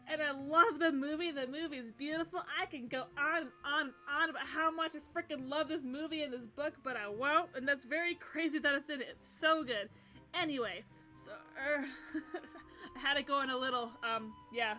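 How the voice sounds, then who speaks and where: A woman streamer reading a visual novel aloud and gushing excitedly between lines, often giggling. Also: high-pitched, normal speed, faint music behind.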